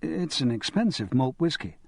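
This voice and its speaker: A man's voice: on the high side, sing-song, normal speed, gravelly, no echo, pitched above the performer's own voice, exaggerated voice. A man doing a wry middle-aged actor. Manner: self-deprecating, dry. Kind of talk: audiobook character voice.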